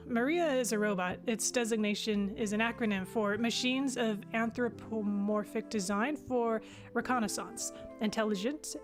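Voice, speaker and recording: A woman's voice: mid-range voice, natural voice. A woman voicing an earnest young female starship captain on her first command, narrating her log in the first person. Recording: music playing underneath.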